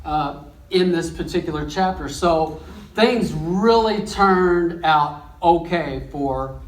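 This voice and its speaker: A preacher leads a sermon, telling the story with lively, folksy asides and plain talk. The voice sits in the middle of the range. It rings through a roomy church, picked up from a few steps off. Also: medium pitch, takes it slowly. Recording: echoey church room, mic at a distance.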